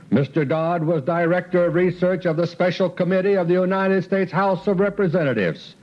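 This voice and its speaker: A man reading a quoted speech aloud in a slow, deliberate, solemn way with emphatic pauses. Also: a little high. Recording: dull lo-fi recording.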